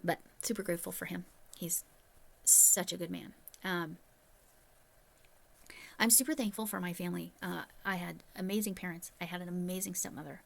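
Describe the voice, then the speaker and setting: A middle-aged woman chats straight to her viewers in a casual vlog, candid and conversational. Her voice sits low, with a gravelly, creaky texture. She talks the way a retired teacher talks to friends. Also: fairly even intonation, moderate pace. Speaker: retired teacher turned crochet YouTuber. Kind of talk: casual vlog chat to camera.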